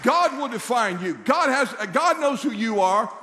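A male pastor preaching a sermon in a church, animated, with call-and-response to the congregation. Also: very high-pitched, normal speed, a crowd in the background, noisy background. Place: church sanctuary. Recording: long reverb of a large hall.

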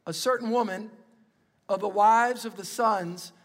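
A middle-aged male pastor giving an energetic, emphatic sermon and calling on the congregation to repeat after him. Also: high-pitched, a little slow. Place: church auditorium. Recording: long reverb in a large hall, with music.

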